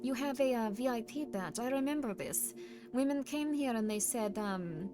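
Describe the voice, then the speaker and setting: A fairly high-voiced woman hosting a casual livestream, chatting with her viewers in a teasing, playful way. She sometimes pushes hard with loud, insistent demands. Clear background music plays under her voice throughout. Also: moderate pace. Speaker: livestream host. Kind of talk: casual livestream chat reading viewer messages. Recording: stream with music playing underneath.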